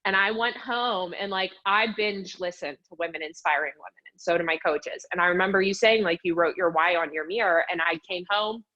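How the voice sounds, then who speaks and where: A woman's voice: on the low side, brisk, hardly any pauses, dull audio. A young woman from western Pennsylvania, a fitness coach guesting on a podcast, telling her story in a chatty way and saying "like" constantly. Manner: chatty, fills speech with "like", animated retelling. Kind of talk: casual storytelling interview.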